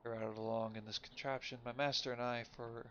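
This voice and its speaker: A man reading a story game aloud for a stream, reading quickly and often stumbling and correcting himself. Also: mid-range voice, flat delivery, fairly bright tone. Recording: lo-fi with faint noise.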